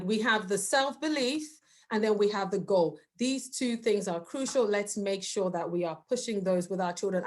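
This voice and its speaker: A woman giving a parenting talk, earnest and emphatic, asking the audience rhetorical questions. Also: fairly high pitch. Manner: acts out quoted voices of children and parents. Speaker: parenting workshop speaker. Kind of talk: presentation talk with slides.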